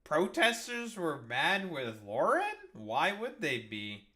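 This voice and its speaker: Bright, high-voiced ranting man. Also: sing-song, slow. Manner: angry, profane, sarcastic. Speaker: streamer reacting to news clips. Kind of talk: ranting commentary over news clips.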